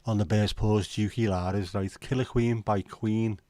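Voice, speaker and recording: Speaking at normal speed, a man from Liverpool, England hosts a relaxed livestream chat, bantering with viewers in a rambling, sweary Scouse style. His voice sits on the low side, mellow and fairly even in intonation, on a dry recording.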